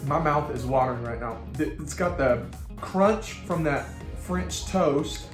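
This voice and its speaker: A man hosting a children's cooking demonstration, talking very slowly and playfully with mock-French asides. His voice sits at an ordinary middle pitch. The room is echoey, with faint music underneath. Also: lively intonation. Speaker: children's show host.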